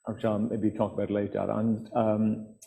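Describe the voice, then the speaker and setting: A Scottish man from the Outer Hebrides spins stories on stage, hesitating with fillers and restarts. His voice is mellow and warm, carried by a live mic into a long-echoing hall. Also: fairly low pitch, monotone, measured pace, vocal fry. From Outer Hebrides, Scotland. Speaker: author and guest speaker. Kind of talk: storytelling talk to a live audience. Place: festival hall.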